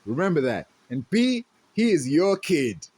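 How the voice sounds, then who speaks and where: A man's voice: fairly high pitch, sing-song, unhurried, darkish tone, breathy edge. A man hosting a podcast alone, talking casually and rambling with lots of fillers. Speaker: podcast host. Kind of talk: casual solo podcast commentary.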